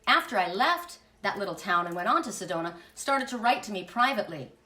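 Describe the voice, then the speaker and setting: A woman's voice: medium pitch, very animated, fairly quick, pushed and bright, reverberant, recorded from a distance. A woman giving an impassioned spiritual monologue as host, emphatic and blunt, swearing freely.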